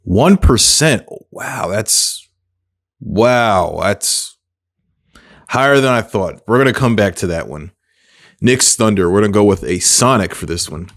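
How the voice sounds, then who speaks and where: A man talking casually to himself while playing a sports trivia game, thinking aloud, mocking his own mistakes and breaking into excited exclamations. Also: on the low side, a little slow. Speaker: gaming creator. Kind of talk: casual gameplay commentary.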